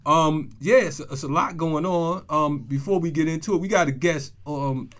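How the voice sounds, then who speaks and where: A man's voice: on the high side, normal speed. A man hosting a casual talk show, talking loose street slang and telling a story with heat. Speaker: podcast host. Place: Atlanta.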